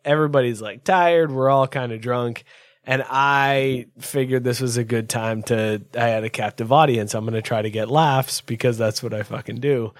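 A man's voice: mid-range voice, normal speed, no echo. A man telling a rambling, profane comedy story in casual podcast chat. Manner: rambling, profane, self-mocking.

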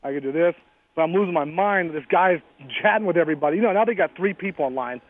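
A man's voice: sits high, fast. A man in his forties, a guest in a casual interview, talking bluntly and fierily and swearing freely, heard over a phone line. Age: 40s.

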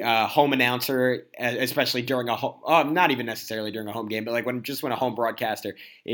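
A man's voice: medium pitch, a bit bright. A young man from New York City hosting a casual sports podcast, rambling with lots of fillers. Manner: rambling, heavy use of "like" and "uh". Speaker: podcast host.

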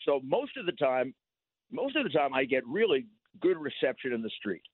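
An older man, a guest in a casual radio interview, telling stories with animated repetition and laughs. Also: medium pitch, moderate pace, husky, no echo. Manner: animated storytelling, repeats words, laughs. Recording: thin phone-line sound.

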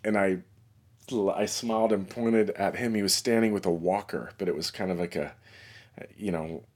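A man hosting his own podcast, talking in a relaxed, reflective way with pauses and fillers. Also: deep voice, slightly rough. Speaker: podcast host and musician. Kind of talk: casual solo podcast monologue. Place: New York City.

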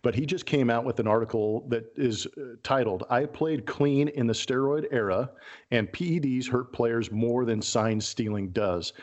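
A man who used to play pro baseball, co-hosting a podcast and telling dugout stories in easygoing casual chat. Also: medium pitch. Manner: relaxed, laughs easily, shouts out the manager's lines. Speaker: former baseball player, podcast co-host. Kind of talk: casual sports storytelling.

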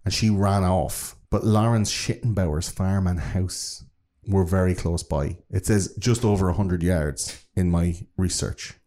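A man co-hosting a casual true-crime chat, an animated storyteller who swears a lot. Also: low voice, unhurried, few pauses. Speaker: podcast co-host.

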